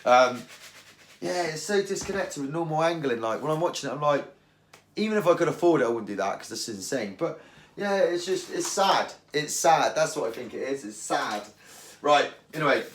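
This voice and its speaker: A man's voice: mid-range voice, brisk, slight background noise. A man ranting casually about fishing while making bait at home, rambling and slangy. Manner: animated, slangy, rambling rant. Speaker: angling vlogger. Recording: echoey room.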